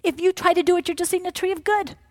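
High-pitched woman preaching with dramatic swings. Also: racing, no room sound. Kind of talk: sermon.

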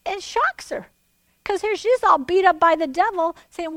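A woman with a high voice preaches a sermon. She is animated and swings between loud declarations and hushed asides, and voices God and others in quotes. The sound is close and dry, with no room echo. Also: moderate pace.

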